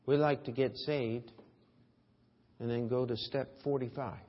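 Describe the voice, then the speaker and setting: Husky preaching pastor, man, in a reverberant church. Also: medium pitch, steady tone, a little slow. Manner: preaching with swings from quiet to loud emphasis. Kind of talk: sermon. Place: church sanctuary. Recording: dull reverberant church audio.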